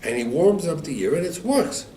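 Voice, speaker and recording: A man giving a Torah class, telling stories and acting out each quoted line. His voice sits a little high and swings widely in pitch. He is recorded from some distance in an echoey room, with faint background noise. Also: normal speed. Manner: animated storyteller, acts out quotes with rising pitch. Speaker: Torah teacher.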